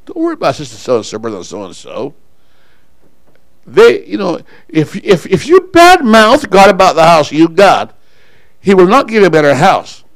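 A pastor preaching a sermon to his congregation, calling people up front and pausing for call-and-response. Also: high voice, huge pitch swings, vocal fry, no echo, low-quality recording.

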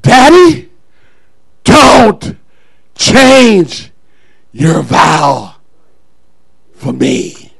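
A woman's voice: very high-pitched, sing-song, unhurried, fairly bright tone, dry recording, voice pushed up, exaggerated voice. A man voicing a devoted young girl who greets her father with shrieks and sobs, then pleads with him. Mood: pleading.

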